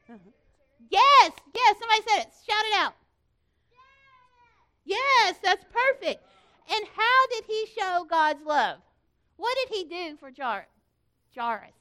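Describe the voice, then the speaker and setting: A woman leading a children's program, running loud, cheery call-and-response songs and a simple Bible lesson. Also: very high-pitched.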